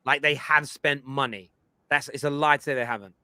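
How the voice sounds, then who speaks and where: A man's voice: medium pitch, fairly quick, clear, resonant tone, no echo. A man hosting a football fan show, explaining his points emphatically and at length in casual chat. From England. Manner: emphatic, lecturing, animated.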